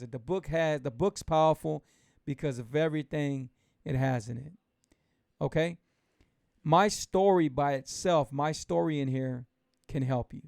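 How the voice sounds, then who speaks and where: This is a man with a gravelly, slightly high voice, hosting a live stream as a keto coach. He talks loosely with many restarts and repeats each point. The sound is close and dry, with no room around it. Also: a little mellow, dry recording. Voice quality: fervent, pitching and repeating himself. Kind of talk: live-stream talk to viewers.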